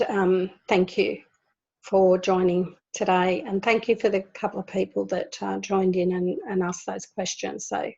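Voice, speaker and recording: A woman giving a gentle spiritual talk to an online group, repeating words for emphasis. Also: mid-range voice, vocal fry. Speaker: spiritual teacher. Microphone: video call. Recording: dull lo-fi video call audio.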